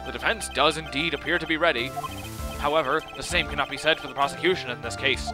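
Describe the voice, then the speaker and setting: A man's voice: fairly high pitch, fast talker, music in the background, lightly acted. A man doing a dithering old judge. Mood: fussy. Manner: dithering, fussy. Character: older male judge, bumbling and easily swayed. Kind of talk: video game voice-over.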